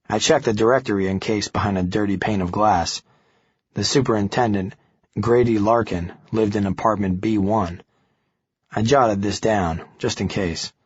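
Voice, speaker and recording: A man narrating a first-person thriller audiobook in a steady, gritty way. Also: lowish voice, husky, no room sound, muffled recording.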